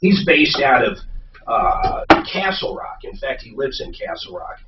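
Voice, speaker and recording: A man reading a sponsor spot in a radio studio, telling a lively story with strong emphasis. He sits well away from the mic, so the room echoes around him. The sound is dull, with clear background noise. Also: mid-range voice, a little slow. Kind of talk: off-air studio chat and ad read. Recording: roomy, distant mic, dull, noisy.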